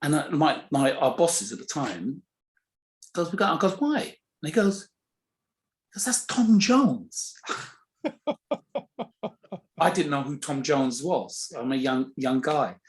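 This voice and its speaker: A male comedian chats as a podcast guest, telling an anecdote with a voice that swoops all over its range. He jumps up high to act out what people said and drops back to a mid-pitched, ordinary tone. It is a relaxed, conversational storytelling delivery. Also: a little slow, long pauses. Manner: animated, acts out quoted voices with big pitch jumps. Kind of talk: casual storytelling.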